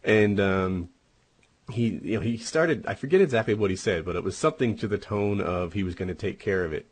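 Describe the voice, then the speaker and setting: Podcast co-host, male, low-pitched and a little rough, casual storyteller with lots of fillers. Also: a little fast. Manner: rambling, many "and, uh" fillers.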